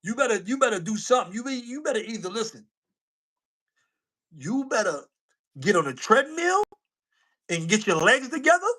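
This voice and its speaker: High-voiced New man, slangy. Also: sing-song, normal speed, long pauses, pushed and bright. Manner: slangy, laughs often, repeats himself. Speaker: co-host. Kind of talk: casual livestream chat.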